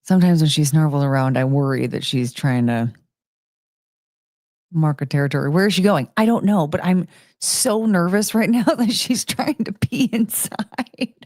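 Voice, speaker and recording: A woman's voice: deep voice, normal speed, a little mellow, dry recording, clean studio sound. A woman chatting casually with her live-stream viewers, rambling and giggling and often breaking off mid-sentence. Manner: rambling, self-interrupting, giggly. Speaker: livestream host.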